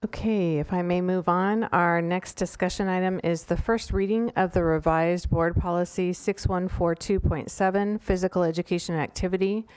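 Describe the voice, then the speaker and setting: Smooth-voiced woman chairing a meeting. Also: lowish voice, fairly even intonation, normal speed, few pauses, a little mellow, dry recording. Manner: formal, procedural.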